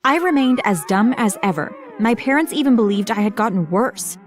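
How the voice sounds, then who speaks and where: A woman giving scripted first-person narration for an animated story, matter-of-fact with wry asides. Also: fairly high pitch, fairly quick.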